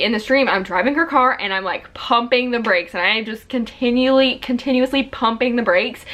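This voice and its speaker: A woman's voice: mid-range voice, pushed and bright. A woman in her twenties telling a story to camera in a chatty, rambling way, full of fillers and self-corrections. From South Carolina. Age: 20s. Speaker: vlogger.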